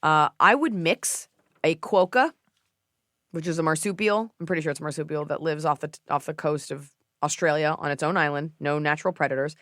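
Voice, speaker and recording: A woman hosting a podcast, giving advice in a casual chat with sarcastic, deadpan jokes. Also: low voice, quick pace, hardly any pauses, no echo, studio quality. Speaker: podcast host.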